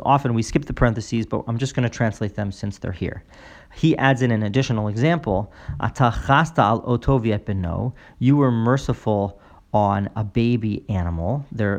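A man giving a spoken Talmud lesson, reading passages aloud and explaining them in a measured, explanatory way with frequent fillers and restarts. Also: on the low side. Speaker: Talmud teacher.

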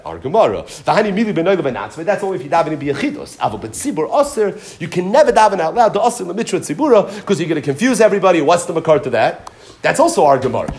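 A man teaching a Talmud and Jewish law class, explaining sources with Hebrew and Yiddish terms mixed into English. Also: fairly high pitch. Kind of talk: Torah class lecture.

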